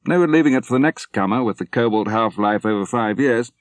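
A man voicing a hearty, jovial elderly retired general who speaks in booming, emphatic bursts, in an audiobook reading. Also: fairly quick, no echo, close to an everyday voice. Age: older.

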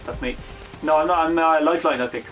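A young Irish man hosting a comedy sketch, chatting quickly as he explains a video game. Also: a little high, fairly bright tone, soft background music. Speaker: host. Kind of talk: casual gameplay chat.

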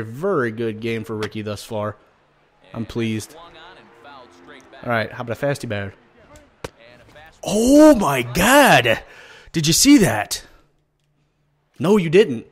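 Casual gamer guy, middle-pitched, drawn-out delivery, jokey, muttering then yelling at the game. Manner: excitable, jokey, swings between muttering and loud outbursts. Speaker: gaming commentator. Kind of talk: casual gameplay commentary.

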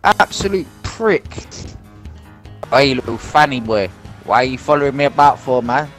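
A man's voice: medium pitch, lively intonation, normal speed, a bit bright, faint music behind. A man ranting and swearing aggressively at another player over game voice chat. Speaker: angry online game player. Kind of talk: heated voice chat.

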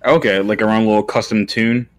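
A man with a somewhat low voice, chatting casually as a podcast co-host. He rambles through his ideas with plenty of restarts and filler words. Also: steady tone, a little fast. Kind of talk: casual chat.

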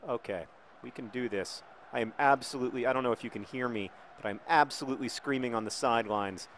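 A middle-aged man talks over his own football video game in a loose, jokey way. His voice sits in a middle range, and he breaks into loud, excited shouts whenever a shot or pass nearly comes off. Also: mid-range voice, fast talker, slight background noise. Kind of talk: playing a football video game with live commentary.

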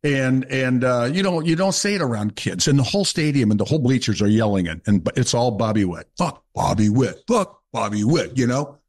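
A man's voice: medium pitch, a little fast, few pauses. Older man telling baseball stories. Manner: animated storyteller, acts out shouted quotes. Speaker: guest, former ballplayer. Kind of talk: casual storytelling.

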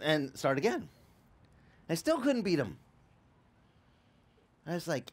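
A man preaching a sermon as pastor, telling lively stories with acted-out quotes and frequent stammered restarts. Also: fairly high pitch, moderate pace, long pauses. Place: church.

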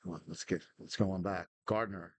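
A man's voice: low voice, fairly even intonation, fairly quick, breathy edge, no room sound. A man hosting a gaming podcast, giving casual live commentary on his football management game in terse name calls and frustrated curses. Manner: terse, calls out player names, swears when frustrated.

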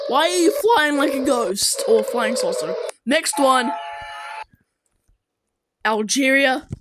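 A young woman giving casual reaction commentary to animated videos, exclaiming and firing questions at the characters on screen. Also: high voice, takes it slowly, over loud music, low-quality recording.

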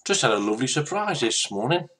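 Talking loosely to his viewers in a vlog, this YouTuber stammers, wanders and says things over again. His mid-range voice swings widely in pitch, moves fast and sounds a bit bright.

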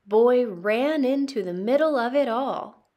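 A woman narrating a children's storybook as a voice-over interpreter. She tells it slowly and dramatically. Her pitch swings widely from line to line. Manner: slow, expressive, dramatic storytelling. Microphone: studio voice-over.

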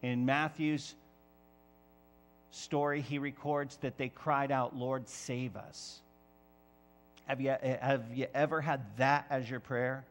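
A man preaching a sermon as pastor of a church, lively and emphatic, sometimes rising to near-shouts. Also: mid-range voice, measured pace, faint music behind.

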